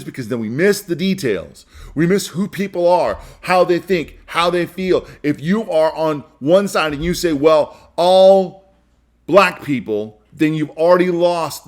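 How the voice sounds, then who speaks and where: A man hosting a solo podcast, talking earnestly and emphatically, repeating key phrases and restarting sentences. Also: a little high. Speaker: podcast host.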